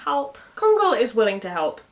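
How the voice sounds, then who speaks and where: A woman's voice: mid-range voice, lively intonation, fairly quick, fairly bright tone. Woman telling an old saga wryly. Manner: wry, sarcastic asides. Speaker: storyteller. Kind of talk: casual retelling of a medieval saga.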